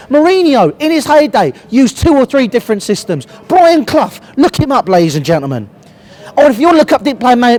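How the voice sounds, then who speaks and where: A man's voice: sits high, a little mellow. A young British man with a cold, ranting bluntly and passionately as a football fan reviewer, swearing often. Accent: British English. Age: young adult. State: has a cold, voice cracking. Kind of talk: heated fan rant to camera.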